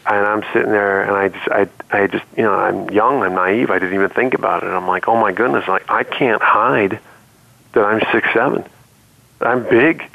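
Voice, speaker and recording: A man's voice: lowish voice, steady tone, normal speed, creaky. A man guest telling a personal story earnestly in a casual conversation, heard over a call line. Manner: earnest storytelling with many restarts. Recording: tinny phone-like line.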